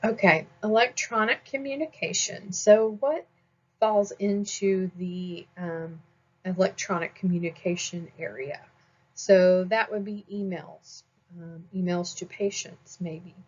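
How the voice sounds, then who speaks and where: A woman's voice: fairly low pitch, fairly even intonation, slow pace. Woman nursing instructor, conversational, lo-fi. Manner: conversational, frequent "um" and "all right?" check-ins. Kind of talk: recorded lecture.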